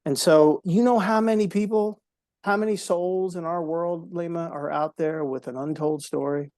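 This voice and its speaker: A man's voice: on the high side, fairly even intonation, normal speed, a little mellow, dry recording, studio quality. A man as a motivational speaker, telling stories in an interview in an earnest, emphatic way, often repeating words for effect. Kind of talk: storytelling in an interview.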